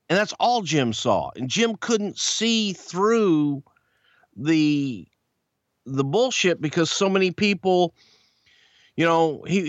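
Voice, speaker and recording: A man with a Southern American accent telling a wrestling-business story, animated and swearing freely. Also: dry recording. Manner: animated, swears freely, acts out voices in a high pitch. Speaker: podcast guest. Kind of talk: casual storytelling. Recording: dull, lo-fi sound.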